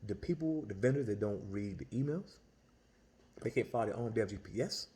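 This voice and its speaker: A man's voice: on the low side, fairly quick. Exasperated man telling a story. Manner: animated, exasperated, lots of restarts and repetition. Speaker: Italian ice vendor. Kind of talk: casual storytelling rant.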